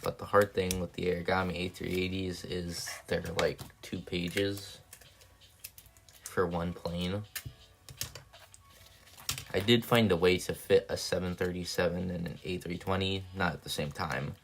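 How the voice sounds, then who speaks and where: A man casually thinking aloud while building paper planes on a live stream, soft-spoken and rambling. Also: deep voice, level tone, a little slow, creaky, a little hiss or hum.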